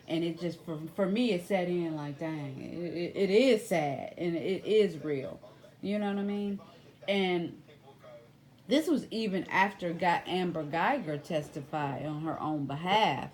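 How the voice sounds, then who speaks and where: Woman, Louisiana accent, lowish voice, chatty commentator who spikes up in pitch when stirred. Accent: Louisiana Southern US. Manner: animated, rises sharply when excited, many fillers. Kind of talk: casual commentary.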